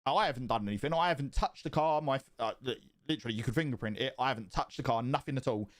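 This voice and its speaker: A man casually telling a story on his stream, swearing often and getting more and more animated. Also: medium pitch, fast. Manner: profane and animated, rising excitement.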